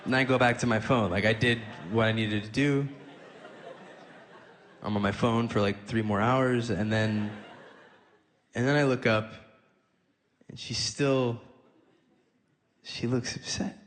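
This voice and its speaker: A man's voice: mid-range voice, steady tone, unhurried, pauses often, long reverb tail. A man performing stand-up comedy, telling stories in a conversational way and acting out both sides of the dialogue. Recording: live audience laughing.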